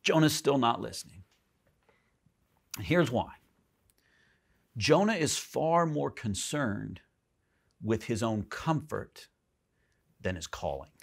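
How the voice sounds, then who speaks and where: A pastor preaching a sermon in a church, animated, jumping up high for emphasis and dropping soft. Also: male voice, takes it slowly, vocal fry, pauses often, slightly rough.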